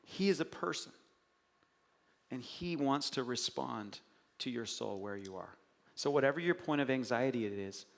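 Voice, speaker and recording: A middle-aged man preaching a conversational sermon as a pastor, animated and joking as he tells stories with acted asides. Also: medium pitch, gravelly. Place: church sanctuary. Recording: church hall reverb.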